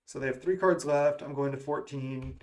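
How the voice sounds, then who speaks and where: A man's voice: mid-range voice, moderate pace, a little mellow. Man thinking aloud over a card game. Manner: musing, self-questioning strategy talk. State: has the hiccups. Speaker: gaming content creator.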